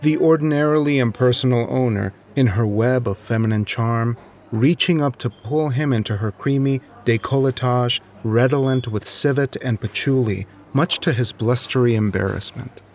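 A man's voice: medium pitch, normal speed, darkish tone. Man reading a wry short story. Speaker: narrator. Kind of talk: scripted narration of a short story.

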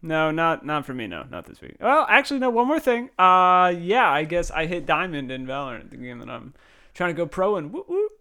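A man's voice: on the high side, animated, fairly quick, bright, forceful tone, smooth. A young man with a slightly raised voice chats casually as a podcast co-host. He is laid-back and joking, telling stories with offhand asides. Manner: joking, laid-back, drifts into silly put-on quotes. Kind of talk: casual chat.

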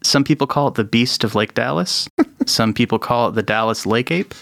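A man's voice: mid-range voice, normal speed, creaky, a bit bright, no room sound. A man voicing a serious, all-business woman FBI agent. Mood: businesslike.

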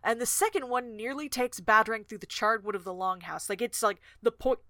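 A woman's voice: on the high side, a little fast, bright, forceful tone, no room sound, clean studio sound. A woman co-hosting a podcast, casually retelling and discussing book scenes. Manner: chatty, retelling scenes with many fillers. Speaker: podcast co-host.

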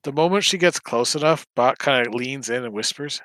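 A man's voice: mid-range voice, a little fast, a bit bright, no room sound. A man playing a tabletop game, describing his character's actions in a hesitant way. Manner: hesitant, with fillers like "kinda, like". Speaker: player. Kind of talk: casual tabletop play.

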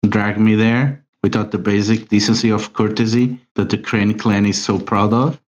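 A man voicing a proud, indignant captive samurai abbot who speaks in a formal, measured way. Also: fairly low pitch, little pitch movement, dull audio, close to an everyday voice. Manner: formal, measured, wounded pride.

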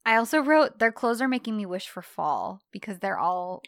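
A woman's voice: medium pitch, animated, normal speed, creaky, fairly bright tone, dry recording, clean studio sound. A woman co-hosting a casual chat, laughing often and chiming in with short replies. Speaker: podcast co-host.

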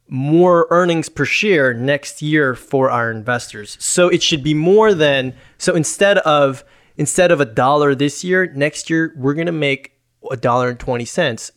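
A man's voice: medium pitch, fairly bright tone. A man hosting a podcast, patiently and methodically explaining investing in casual talk.

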